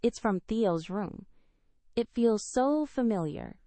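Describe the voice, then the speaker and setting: Woman narrator, emotional first-person romance read, lively pitch, dry close sound. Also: slow pace, dry recording. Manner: emotional, expressive reading. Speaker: audiobook narrator.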